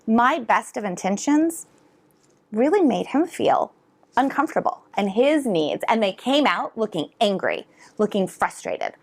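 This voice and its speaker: Animated woman presenting to parents. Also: fairly high pitch, unhurried. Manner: animated, asks the audience to respond. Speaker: educator presenter. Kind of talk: conference talk to parents and teachers. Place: conference hall.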